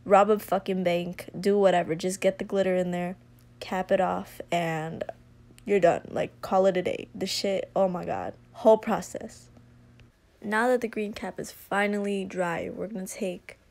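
Young woman, casual craft tutorial, profane, chatty, a bit breathless, mid-pitched voice. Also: steady tone, unhurried, creaky, a little mellow. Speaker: vlogger. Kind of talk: casual DIY tutorial voice-over.

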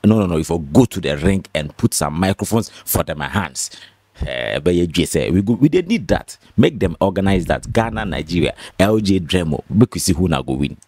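A man, excitedly commenting on a diss track and breaking into laughs and exclamations. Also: low voice, a little fast, a little hiss or hum. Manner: excitable, pidgin-laced, laughing interjections. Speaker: reaction host. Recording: rap track playing loudly behind.

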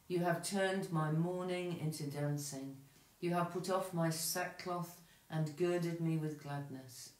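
A man leading morning prayer, reading psalms and scripture aloud in a measured, steady recitation with occasional small self-corrections. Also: a little high. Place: church. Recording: echoey room.

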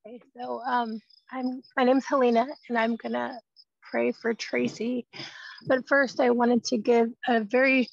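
A woman's voice: fairly high pitch, little pitch movement, measured pace, creaky, dry recording, lo-fi sound. A woman giving a fervent, emotional testimony and prayer over a video call. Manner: fervent, emotional, praying aloud. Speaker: prayer group participant.

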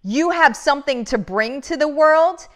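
A woman's voice: high-pitched, animated, measured pace. A woman business coach giving an earnest motivational talk to her audience, often calling them "you guys" and restarting her sentences as she goes. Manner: rambling with many restarts.

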